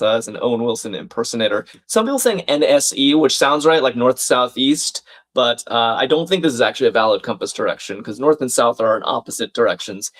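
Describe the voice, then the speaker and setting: A man hosting a live crossword stream, thinking aloud, reading out viewers' chat comments and laughing often. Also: mid-range voice.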